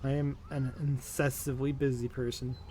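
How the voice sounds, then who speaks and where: A man's voice: mid-range voice, level tone, normal speed, warm tone, slight background noise. Rambling young streamer, a man. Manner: rambling, full of fillers and restarts, tired. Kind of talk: casual rambling chat.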